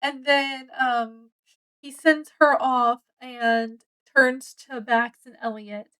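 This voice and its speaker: A woman's voice: high-pitched, slow pace, clean tone, low-quality recording. A woman casually reviewing a book, retelling its plot in a rambling way with many ums and self-corrections. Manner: acts out characters' lines with excitement.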